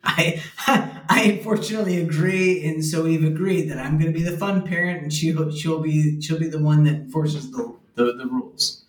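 A man's voice: a little high, fairly even intonation, moderate pace, a little mellow. A young man speaking as an interview guest about becoming a father, rambling with many fillers and frequent laughs. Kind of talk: casual conversational interview. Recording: roomy, from a distance.

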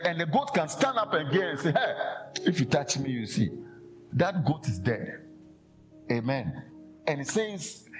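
Excitable preacher guy, high voice that jumps all over, faint music under it. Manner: animated, acts out quoted voices, laughs often. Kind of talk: lively sermon.

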